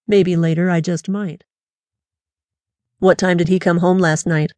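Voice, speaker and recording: A woman voicing a calm, methodical male police detective who talks in a patient, measured, quietly pointed way. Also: lowish voice, no echo, lightly acted. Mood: firm, patient.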